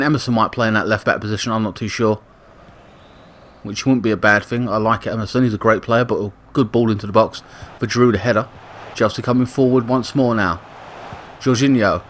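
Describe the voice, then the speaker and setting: A man giving casual play-by-play commentary on a football video game, with excited bursts on attacks and chatty self-corrections. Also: lowish voice, brisk, long pauses. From Britain. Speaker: gaming YouTuber commentating a football sim.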